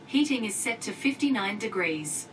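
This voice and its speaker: A woman's synthetic voice-assistant voice giving polite, even, scripted answers from a smart speaker in the room. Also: moderate pace. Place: room, heard through a live show mic. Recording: distant speaker with faint rumble.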